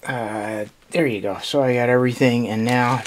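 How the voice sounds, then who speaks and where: A man hosting his own puzzle channel, chatting casually through an unboxing in a hesitant, halting way, with frequent restarts and small laughs. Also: medium pitch, steady tone, slight background noise.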